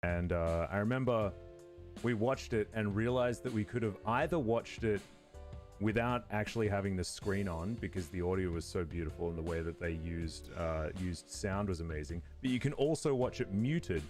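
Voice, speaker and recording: A man's voice: lowish voice, moderate pace, a little mellow, faint music behind. A man hosting an interview as a caster, playful and enthusiastic, laughing along. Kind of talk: casual interview chat.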